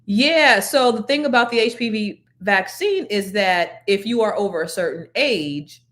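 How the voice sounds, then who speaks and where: A woman's voice: medium pitch, animated, measured pace, fairly bright tone. A woman co-host in casual chat, reacting often and asking frank questions.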